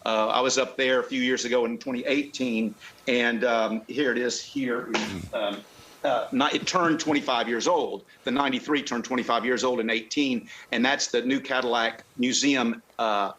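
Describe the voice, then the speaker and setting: A middle-aged man from the southern United States, a car club member, chats casually in an interview, halting often and restarting his sentences with plenty of fillers. His voice sits at a medium pitch with fairly even intonation and a fairly bright tone, and a little hiss or hum runs underneath.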